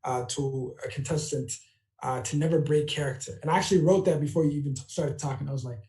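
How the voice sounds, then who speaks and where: A man giving a judge's feedback over a video call, halting with many fillers. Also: on the high side, steady tone, warm tone. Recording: echoey room on a call.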